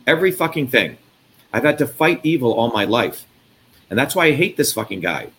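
A man's voice: mid-range voice, big pitch swings, fairly quick, a bit bright, slight background noise. A man hosting an interview from India, ranting angrily and emphatically with lots of swearing. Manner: profane, angry, emphatic ranting. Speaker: host. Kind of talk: heated interview talk.

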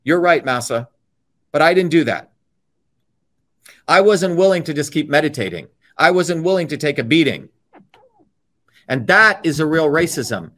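A man from India talks in a slightly high voice, combative and emphatic. He drives his argument through repetition, circling back to the same phrases again and again. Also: sing-song, moderate pace, pauses often, a bit bright. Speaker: speaker giving a political talk. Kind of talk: impassioned monologue.

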